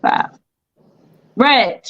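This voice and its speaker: A woman's voice: very slow, dull audio. A woman hosting a casual online quiz show, playful and teasing with the players. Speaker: game show host.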